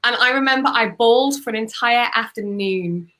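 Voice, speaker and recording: Bright-voiced woman hosting. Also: a little high, normal speed, hardly any pauses. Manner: reflective, frank, shares personal stories. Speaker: host. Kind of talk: conversational interview.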